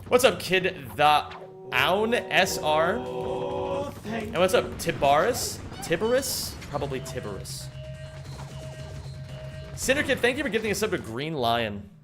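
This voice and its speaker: A man's voice: fairly high pitch, big pitch swings, measured pace, pauses often, over music. A young man live-streaming a game, chatting casually, thanking viewers and swearing freely as he rambles. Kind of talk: casual live-stream chat while gaming.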